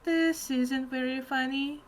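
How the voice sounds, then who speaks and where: A woman voicing a gloomy, self-pitying female troll who posts sinister content, reading her lines slowly in a flat robot-like voice. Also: high voice, faint music behind, low-quality recording. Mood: brooding. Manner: slow flat robotic delivery. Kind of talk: reading game dialogue aloud.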